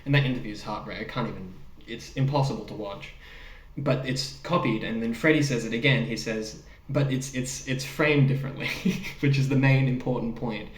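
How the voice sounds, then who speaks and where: A man co-hosting a podcast in a casual film discussion, talking in an animated way with laughs and the odd swear word. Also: mid-range voice, normal speed, far from the mic. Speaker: podcast co-host. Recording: roomy sound, speaker off the mic.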